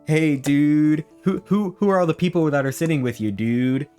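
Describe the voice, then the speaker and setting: A man's voice: on the high side, moderate pace, dark tone, clear, resonant tone, soft background music, voice pushed up, natural voice. A man voicing a laid-back male surfer sea turtle who drawls and keeps saying dude. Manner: drawling, says dude constantly.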